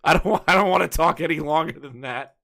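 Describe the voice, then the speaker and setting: A man's voice: on the high side, brisk, vocal fry, pushed and bright. A young man hosting a casual call, talking bluntly and rambling with plenty of profanity. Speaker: streamer host.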